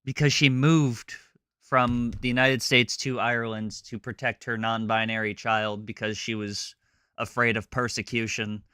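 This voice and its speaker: A man hosting a live stream, ranting sarcastically and fast with lots of fillers as he reacts to a clip. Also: medium pitch, flat delivery, bright, forceful tone, clean tone, no echo, studio quality. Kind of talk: casual chat reacting to a clip.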